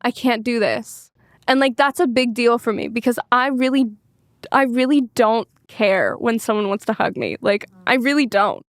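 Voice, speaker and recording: A woman with a fairly high voice talks candidly as an interview guest. She rambles openly and leans on filler words. The sound is close and dry, with no room echo. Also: expressive, normal speed. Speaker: singer-songwriter guest.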